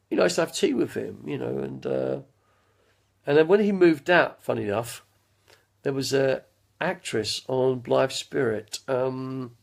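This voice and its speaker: Gravelly man rambling at home. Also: mid-range voice, darkish tone. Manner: rambling, anecdotal, trails off to recall names. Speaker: live-stream host. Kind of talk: casual chat.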